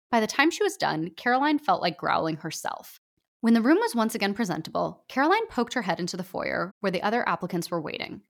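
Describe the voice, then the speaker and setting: A woman narrates a short story aloud in an expressive storybook style. Her pitch moves in a lively, animated way throughout, with a mid-range voice.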